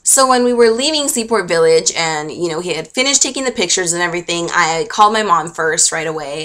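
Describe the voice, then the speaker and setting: A woman's voice: fairly low pitch, expressive, fairly quick, hardly any pauses, a bit bright. A young woman vlogger telling a personal story in a gushing, emotional, chatty way with lots of fillers. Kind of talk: casual storytelling to camera.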